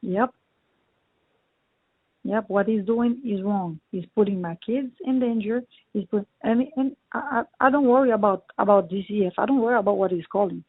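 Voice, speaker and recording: A man's voice: high voice, moderate pace, slightly rough, no room sound. A landlord, a man, retelling a dispute with indignation, repeating himself and acting out the arguments he had. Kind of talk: heated phone conversation. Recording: tinny dry phone line.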